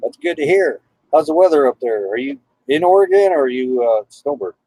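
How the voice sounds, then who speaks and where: A man with a gravelly, husky voice chats on a live stream from a vehicle in a parking lot. His pitch swings a lot as he greets viewers one by one and talks to his dogs, while dogs bark now and then behind him. The sound is dry and close. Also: very animated, fairly quick, mellow, no room sound, poor audio. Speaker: RV travel vlogger. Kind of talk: casual live-stream chat.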